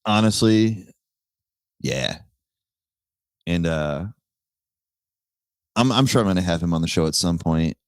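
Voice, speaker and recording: A man's voice: low-pitched, animated, takes it slowly, long pauses, clean tone, no echo, clean studio sound. A man in his thirties hosting a solo podcast, rambling and swearing casually, laughing at his own jokes. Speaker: podcast host.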